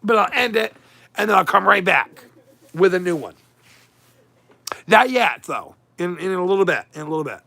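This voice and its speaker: A man's voice: high-pitched, lively intonation, moderate pace, gravelly, pauses often, bright, forceful tone, no echo. A man hosting a casual livestream, chatty and emotional, swinging between moods as he reads and answers his viewers' comments. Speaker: livestream host.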